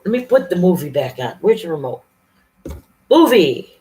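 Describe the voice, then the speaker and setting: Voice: medium pitch, sing-song, moderate pace, pauses often, darkish tone. An adult vlogger at home chatting loosely to livestream viewers on camera, rambling, frank and profane. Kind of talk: casual livestream chat to viewers. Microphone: camera or webcam, talking to viewers.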